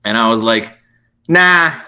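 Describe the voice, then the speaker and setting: A man, a comedian guest on a podcast, telling a story in casual chat, animated and profane, acting out both sides of an exchange. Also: mid-range voice, a little slow, slight background noise. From United States.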